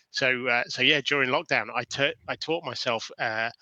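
British man, 30s, bright and close-miked guest, hesitant casual talk. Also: mid-range voice, a little fast, hardly any pauses, no echo, low-quality recording. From England. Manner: hesitant, many fillers and restarts. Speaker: podcast guest, sales director. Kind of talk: casual interview chat. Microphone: video call.

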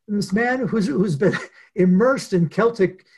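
A man being interviewed as a guest author, telling a story in an earnest, unhurried way with many pauses. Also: high-pitched, darkish tone, breathy edge. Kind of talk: reflective storytelling in conversation.

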